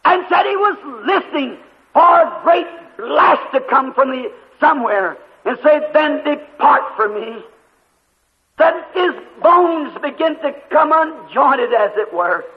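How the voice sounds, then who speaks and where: Preacher, male, very high voice, fervent storyteller, tinny recording with long hall echo. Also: sing-song. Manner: fervent storytelling, drawn-out emphatic phrases. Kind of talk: sermon.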